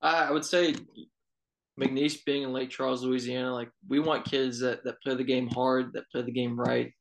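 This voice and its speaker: A man's voice: medium pitch, moderate pace, creaky, low-quality recording. A young man, an assistant college baseball coach, telling stories casually in an interview with many fillers. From Texas. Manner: storytelling, relaxed, many fillers.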